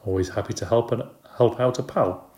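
A man voicing a small, cheerful male pet hamster with a squeaky voice. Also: a little fast, warm tone, echoey room, close to an everyday voice. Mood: gentle.

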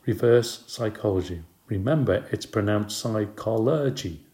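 A man with a fairly low voice reads a children's storybook aloud with a lively, expressive delivery. The reading rings in an echoey room. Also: normal speed. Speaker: narrator. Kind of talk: storybook narration.

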